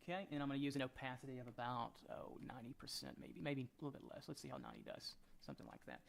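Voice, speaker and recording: A man talks fast while he draws, guiding viewers through each stroke of a sketch. His voice sits at an ordinary pitch. He often drops his voice and trails off as he concentrates on the work. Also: vocal fry. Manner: relaxed, thinking aloud while sketching, often trailing off quietly. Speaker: drawing instructor. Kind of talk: talking while drawing.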